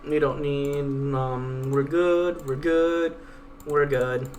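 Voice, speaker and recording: A woman's voice: deep voice, steady tone, darkish tone, slight background noise. A woman hosting a strategy game let's play, giving casual, bubbly, chatty commentary and reading story events aloud. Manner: bubbly, chatty, quick to laugh.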